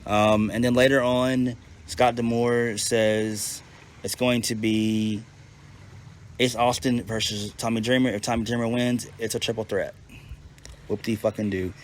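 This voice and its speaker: A man's voice: on the low side, slight background noise. A man giving a casual, unscripted recap as a reviewer, blunt and profane, often restarting his sentences. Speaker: wrestling show reviewer.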